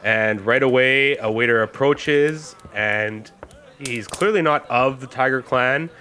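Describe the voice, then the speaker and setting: A man's voice: medium pitch, takes it slowly, bright, forceful tone. A man narrating as game master in a casual, rambling way with many fillers.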